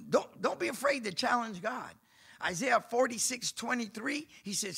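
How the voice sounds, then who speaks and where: A man preaching and giving his testimony, telling his story animatedly and acting out the dialogue with bursts of shouting. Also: sits high, moderate pace, gravelly, breathy edge. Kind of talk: sermon testimony.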